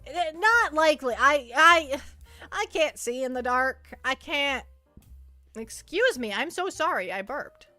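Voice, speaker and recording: Young woman streamer, high bright voice, chatty and rambling, stammers and repeats herself. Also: lively intonation, a little slow, no echo, soft background music. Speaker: virtual streamer. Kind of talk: casual livestream chat.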